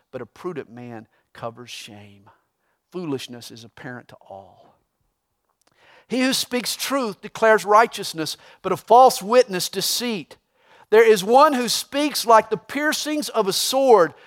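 Pastor, male, high voice, reads verses then explains them with folksy humor. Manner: preaching with humor, tells a joke with rising excitement. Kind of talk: sermon.

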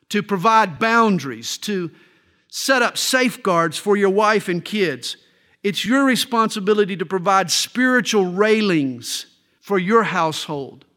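A middle-aged man preaches a sermon, moving between Bible readings and folksy anecdotes. His voice sits high for a man. It has a bright, forceful edge. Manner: folksy storytelling, tells jokes. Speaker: pastor.

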